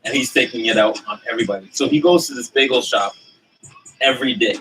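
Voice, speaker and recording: A man's voice: mid-range voice, quick pace, sharp tone, recorded from a distance, slight background noise, poor audio. A man co-hosting a podcast in casual chat, playful and teasing as he moves the talk along. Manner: playful, teasing, steers the talk to new topics. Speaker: podcast co-host.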